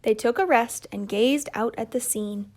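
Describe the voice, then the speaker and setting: A woman telling a children's puppet story in a gentle, measured way. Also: on the high side.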